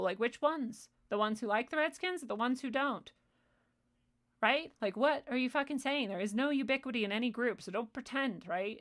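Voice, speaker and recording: A woman's voice: a little high, fairly bright tone. A woman hosting her own stream, delivering an unscripted, heated monologue full of swearing and confrontation. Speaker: stream host.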